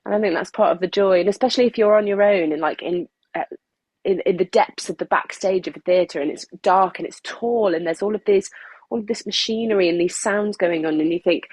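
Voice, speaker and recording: A woman's voice: medium pitch, brisk, a little mellow, dry recording. A woman actress, a guest on a podcast, chatting openly and enthusiastically with frequent laughter. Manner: open, enthusiastic, laughs often. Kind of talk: casual interview chat.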